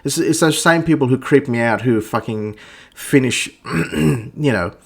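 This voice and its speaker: A man's voice: medium pitch, unhurried, gravelly, breathy edge. A man ranting through a blunt, profane game review monologue, stammering and restarting his sentences. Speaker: gaming vlogger.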